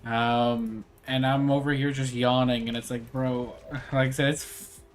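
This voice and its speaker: A man's voice: mid-range voice, little pitch movement, a little slow, a little hiss or hum. A young man casually commenting on his gameplay, rambling with fillers and slang. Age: young adult. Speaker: gameplay streamer.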